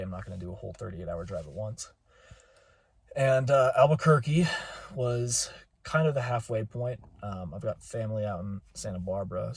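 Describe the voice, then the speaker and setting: A man giving a relaxed, rambling travel update from his car, with lots of fillers. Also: fairly low pitch, vocal fry, husky. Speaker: vlogger.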